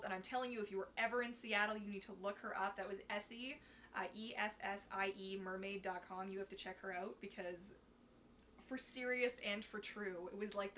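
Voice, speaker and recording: Bubbly bright-voiced woman chatting live. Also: medium pitch, a little hiss or hum. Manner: bubbly, chatty, fillers like "like" and "oh my gosh". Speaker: livestream host. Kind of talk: casual live Q&A chat. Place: at home at her computer. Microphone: phone.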